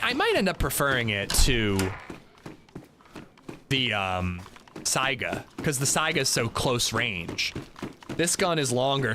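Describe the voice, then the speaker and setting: A man streaming a game, chatting casually and rambling, with lots of filler words. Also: mid-range voice. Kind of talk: casual livestream gaming commentary. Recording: noisy background hiss.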